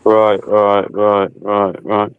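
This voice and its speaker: A man's voice: fairly low pitch, completely flat delivery, slow, smooth, no room sound. A man co-hosting a live stream in laid-back, chummy casual chat, heard over a tinny phone-line connection.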